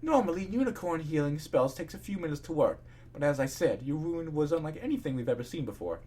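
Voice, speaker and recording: A man reading fan fiction aloud, voicing a kind and slightly nervous male pony doctor in a higher, polite voice. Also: animated, fast, dark tone, slightly rough.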